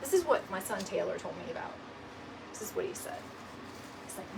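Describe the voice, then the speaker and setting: A woman's voice: mid-range voice, very animated, fairly quick, creaky, long pauses. A middle-aged woman, chatting casually and laughing often while hosting a live DIY decor video. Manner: chatty, laughs often, says "y'all" and "right?". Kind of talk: casual livestream chat while crafting. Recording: mic at a distance, audible room noise.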